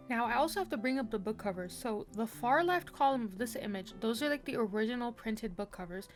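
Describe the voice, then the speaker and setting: A woman's voice: a little high, lively intonation, a little fast, hardly any pauses, faint music behind. Exasperated woman ranting about a book. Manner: frank and exasperated, lots of "like". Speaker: book reviewer. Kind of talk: casual book review vlog.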